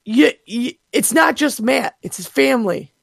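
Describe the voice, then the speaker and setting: A woman's voice: fairly high pitch, expressive, measured pace, vocal fry, no echo, clean studio sound. A woman co-hosting a podcast, talking bluntly and heatedly and swearing freely. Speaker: podcast co-host. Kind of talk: casual chat.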